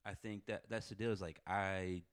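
A man's voice: low-pitched, fairly even intonation, moderate pace, smooth, no echo, studio quality. A man talking casually about parenting, rambling with many fillers and short laughs. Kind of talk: casual chat.

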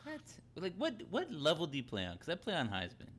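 A man's voice: on the high side, huge pitch swings, brisk. A young man hosting a casual chat, rambling with lots of fillers and restarts.

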